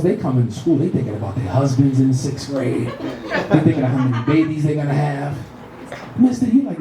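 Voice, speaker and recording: A middle-aged man from the Bronx with a New York accent, doing a loud, profane stand-up set with shrill put-on voices. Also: a little hiss or hum. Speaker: stand-up comedian. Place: comedy club stage. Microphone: handheld stage mic. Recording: roomy club sound from a distant mic. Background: audience laughter.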